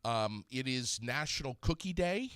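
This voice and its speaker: A man's voice: mid-range voice, animated, unhurried, a bit bright, clean tone, no room sound, clean studio sound. Man co-hosting a morning podcast. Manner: rambling, with many fillers and restarts. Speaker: podcast co-host. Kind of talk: casual morning chat.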